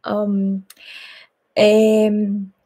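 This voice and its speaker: A young Greek woman, a teacher who runs her own channel, hosts a live Q&A in English, her second language after Greek. She's thoughtful, hesitant, and a little shy, using many fillers and pausing often at a slow, unhurried pace. Her medium-pitched voice is monotone yet warm.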